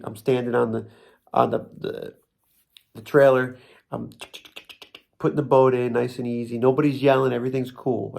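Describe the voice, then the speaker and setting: Brief: gravelly New Jersey guy, rambling comic storyteller who makes fun of himself. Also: mid-range voice, a little mellow. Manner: rambling, self-mocking, frequent restarts and laughs.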